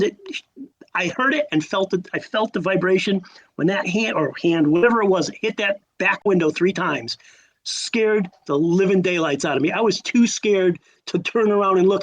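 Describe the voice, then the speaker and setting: A man in his sixties from Connecticut, telling stories as a podcast guest, animated, with sudden rises and emphatic repeats. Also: high voice, rough recording. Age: 60s. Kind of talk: storytelling in a podcast interview.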